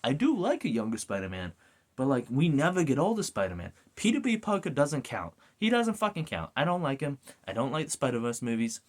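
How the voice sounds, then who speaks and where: A man's voice: mid-range voice, brisk. A man giving a casual ranting video review, swearing often and going off on tangents. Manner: animated, swears a lot, goes off on rants.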